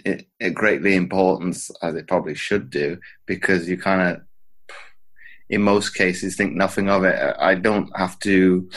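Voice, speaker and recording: Deep-voiced halting podcast host, man. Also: a bit bright. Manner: halting, searching for words. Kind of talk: casual interview chat.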